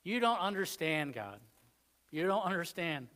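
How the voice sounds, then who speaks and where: A man's voice: on the high side, big pitch swings, measured pace, fairly bright tone. A man with a Southern American accent preaching a sermon in a conversational way, acting out the quoted lines. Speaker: pastor.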